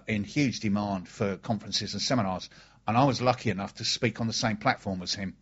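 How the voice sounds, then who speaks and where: A man's voice: on the low side, fairly bright tone, husky, dull audio. A man hosting a casual radio chat show, enthusiastic and fond of telling stories. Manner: chatty, enthusiastic, storytelling.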